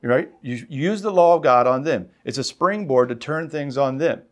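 A man preaching in a conversational, storytelling way, rising in pitch when he reads scripture. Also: animated, moderate pace. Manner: conversational, tells stories, rises when reading scripture. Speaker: pastor. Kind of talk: sermon.

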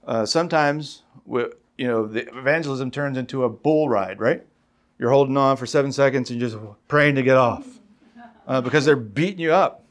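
A man preaching in a conversational, storytelling way, rising in pitch when he reads scripture. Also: normal speed. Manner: conversational, tells stories, rises when reading scripture. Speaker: pastor. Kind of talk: sermon.

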